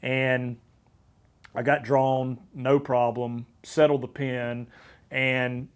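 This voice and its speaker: A male podcast host tells a story in relaxed, casual conversation. His voice sits in an ordinary middle pitch. He talks with animated energy and often restarts his sentences. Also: drawn-out words, clear, resonant tone.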